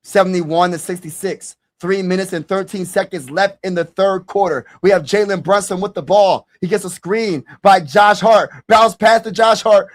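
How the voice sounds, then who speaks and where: A man with a high voice calls a basketball game play by play on a live stream. He talks loose and slangy, urging his viewers along and breaking into excited shouts when a big play lands. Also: moderate pace, hardly any pauses. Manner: casual slangy talk. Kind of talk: live play-by-play commentary with reactions.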